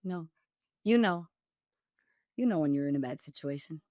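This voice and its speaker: A woman's voice: sits low, lively intonation, moderate pace, dark tone, no echo, clean studio sound. A woman dating coach and author, speaking directly and emphatically as a guest, with wry humor. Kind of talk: candid storytelling interview.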